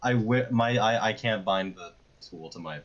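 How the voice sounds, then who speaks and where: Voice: medium pitch, moderate pace, muffled recording. A young adult co-host chatting casually during a reaction video, teasing and laughing often. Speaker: co-host friend.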